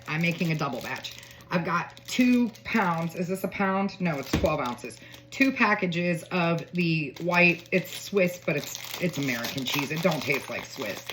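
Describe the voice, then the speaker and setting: A woman's voice: deep voice, noisy background. A woman chatting casually through a cooking demo in her home kitchen, full of joking asides. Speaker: home cook.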